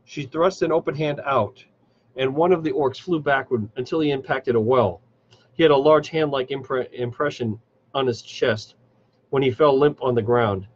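Man, live fantasy novel reading, husky voice, frequent restarts, dull lo-fi sound. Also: mid-range voice. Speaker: reader.

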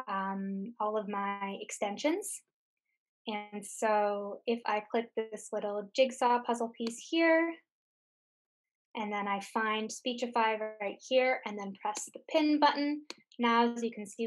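A woman tech tutor giving a screen-share software lesson, explaining each step patiently. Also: mid-range voice. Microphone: computer mic on a recorded webinar.

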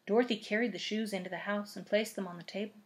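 A woman librarian reading a children's book aloud in a gentle, expressive storytelling manner. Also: medium pitch, fast.

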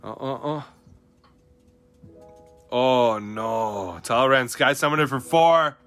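Young dude w hyping card pack openings, bright punchy voice, bit of music behind. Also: male voice, medium pitch. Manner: animated, slangy, hyped. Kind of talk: excited live commentary on pack openings.

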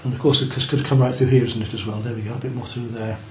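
Racing along in a medium-pitched voice with little pitch movement, an art teacher works through a beginners' painting lesson in a classroom. He coaches and encourages the students and checks their progress. The recording has a roomy sound with faint noise.

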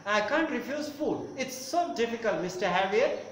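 A man's voice: extremely high pitch, expressive, normal speed, a bit bright, voice pushed up. A man putting on a pleading, doting woman. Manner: pleading, sighing. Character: doting childless woman pleading over her pet. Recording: echoey room with faint noise.

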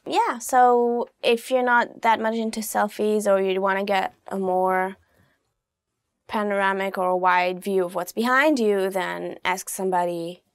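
A young woman hosting a casual video language lesson, chatty and laughing often, saying each phrase slowly and clearly. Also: mid-range voice, steady tone, no room sound, clean studio sound. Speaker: language teacher, show host.

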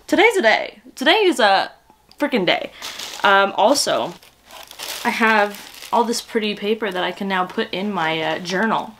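A young woman, a book vlogger and teacher, chatting excitedly and gushing as she unboxes book mail. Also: medium pitch, unhurried, a little hiss or hum. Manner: gushing, excitable, swearing with joy. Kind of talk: casual vlog chat while unboxing.

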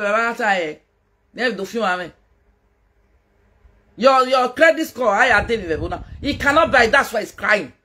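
A woman's voice: medium pitch, bright, forceful tone, slightly rough. A Nigerian woman doing a casual live-stream gossip rant as a social media commentator, mocking, laughing and scolding.

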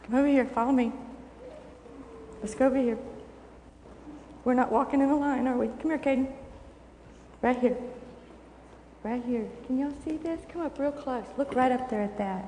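A woman's voice: sits high, moderate pace, long pauses, warm tone, slight background noise. An older woman giving a children's sermon in a church, coaxing and asking the children questions. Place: church sanctuary. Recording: echoey church hall recording.

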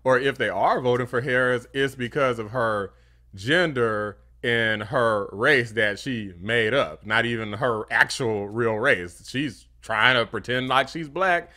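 A man's voice: medium pitch, unhurried, sharp tone. A man hosting a political commentary vlog, talking bluntly and heatedly and throwing insults. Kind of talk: opinionated commentary.

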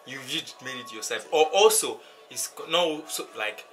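A young man as a guest in a casual chat, earnest and halting, restarting his sentences. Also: mid-range voice, expressive, a bit bright, soft background music. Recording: clear background noise.

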